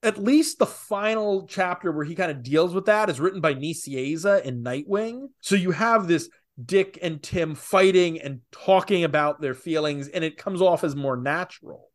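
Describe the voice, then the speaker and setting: A man co-hosting a casual podcast, talking opinionatedly with rapid asides. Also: fairly high pitch. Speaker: podcast co-host. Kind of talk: casual comics podcast chat.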